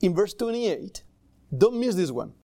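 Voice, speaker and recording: A male pastor preaching a sermon in a church in accented English with small grammar slips, conversational and animated. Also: high voice, unhurried, no room sound, studio quality. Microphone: livestream camera mic.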